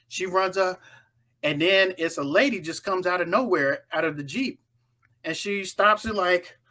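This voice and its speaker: A woman casually recapping a horror film in an animated way, acting out the characters' lines as she goes. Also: fairly low pitch.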